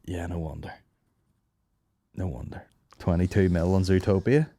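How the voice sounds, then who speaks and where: A man's voice: low-pitched, moderate pace, dark tone, a little hiss or hum. A man hosting a casual comedy podcast, sweary, laughing often and mimicking others. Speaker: podcast host.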